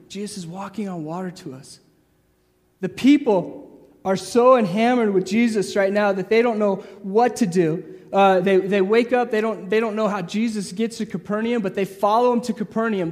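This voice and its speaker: High-voiced man preaching in a hall. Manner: lively, acts out crowd voices, casual asides. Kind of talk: sermon.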